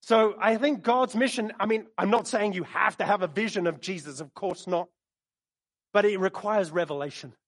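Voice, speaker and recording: A man preaching a sermon in a church, animated and storytelling, speaking into a microphone. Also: high-pitched, normal speed. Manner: animated, storytelling, acts out quotes with laughs. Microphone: microphone he moves around while preaching.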